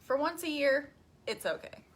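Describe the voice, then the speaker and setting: A woman's voice: sits high, lively intonation, normal speed. Bubbly woman co-hosting a live stream. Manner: bubbly small talk, laughs easily. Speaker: co-host. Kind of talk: casual chat on a live stream.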